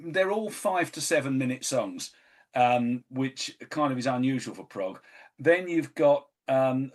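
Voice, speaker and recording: A man's voice: mid-range voice, a little mellow. A man co-hosting a live radio music show, rambling through an album with hesitant ums and restarts. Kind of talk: casual chat about albums. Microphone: studio mic.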